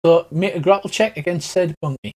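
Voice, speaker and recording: Male game master, slightly higher voice, chatty and playful, acts out creature noises. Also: a little fast, darkish tone. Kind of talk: narrating a tabletop game.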